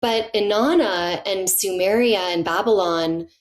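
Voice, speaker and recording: A woman's voice: mid-range voice, unhurried. Enthusiastic woman telling a myth. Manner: enthusiastic, animated, laughs often. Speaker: podcast guest, author. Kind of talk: casual storytelling in conversation.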